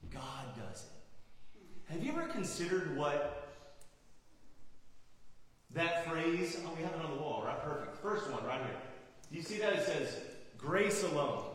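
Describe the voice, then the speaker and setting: Man, pastor, sermon, high voice, emphatic swings from loud to hushed, long hall reverb. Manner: emphatic preaching, rising loud then dropping quiet. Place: church sanctuary.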